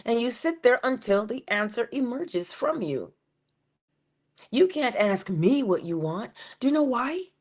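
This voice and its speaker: A woman giving a morning motivational talk, dropping at times into a soft whisper and drawing out key phrases slowly. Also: a little high, big pitch swings. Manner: shifts between full voice and soft unvoiced whisper; drawn-out, emphatic delivery with slowed phrases. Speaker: inspirational speaker.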